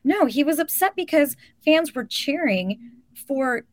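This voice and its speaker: A woman's voice: high-pitched, expressive, unhurried, no echo. Emphatic woman, dry close sound. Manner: emphatic, talks with filler "like". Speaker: sports talk co-host. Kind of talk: casual opinionated chat.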